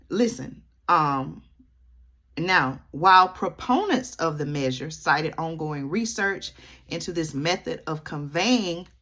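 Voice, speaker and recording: A woman with a low-pitched voice talks straight to her viewers in a chatty commentary. She keeps checking in with them as she goes. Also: a bit bright. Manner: chatty, keeps addressing viewers with "y'all" and "okay?". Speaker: vlogger. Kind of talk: commentary to camera.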